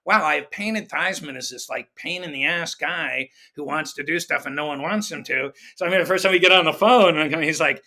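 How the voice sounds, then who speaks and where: A middle-aged man telling showbiz stories in a relaxed chat, acting out the voices of the people he quotes with animated shifts. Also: fairly high pitch, a little fast, few pauses. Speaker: guest comedy writer. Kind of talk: conversational storytelling.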